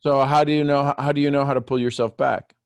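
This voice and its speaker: A man leads a group coaching session over a video call. His voice jumps up high when he gets animated and teases the group. The sound is dry and close, with no room around it. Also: quick pace, creaky, clear, resonant tone, no room sound. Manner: animated, teasing, questioning step by step. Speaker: host coaching callers.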